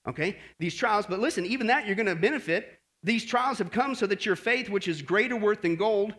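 A male pastor with a voice that sits high preaches at a fairly quick clip. His sermon is lively, with regular questions to the congregation and friendly "okay?" asides.

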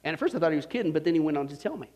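A man from Kansas preaching a storytelling sermon to a live audience. He is animated and folksy, laughs at his own stories, and keeps checking in with the crowd. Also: fairly high pitch, very fast. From Kansas, United States. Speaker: preacher teaching a Bible study.

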